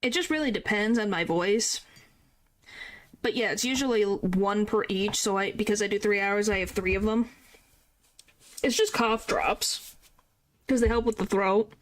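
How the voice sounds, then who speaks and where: A woman's voice: mid-range voice, normal speed, long pauses. A woman streamer chatting casually and playfully while playing a game, with mild joking swears.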